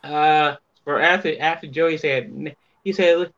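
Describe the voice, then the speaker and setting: Animated bright-voiced man in a dull recording. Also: a little high, slow pace. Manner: animated, acts out quotes in raised voices, swears freely. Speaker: wrestler guest. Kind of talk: casual interview storytelling.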